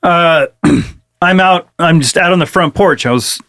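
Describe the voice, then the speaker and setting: A man's voice: on the high side, unhurried, vocal fry, a bit bright, no room sound. Profane, chatty podcast co-host man. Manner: storytelling with profane asides. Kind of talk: casual comedic chat.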